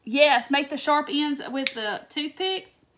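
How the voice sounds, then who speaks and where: With a high, expressive voice and a slow pace, a Wisconsin woman hosts a casual live-stream craft tutorial against slight background noise. She chats with viewers, answers their comments and mutters soft asides to herself as she works.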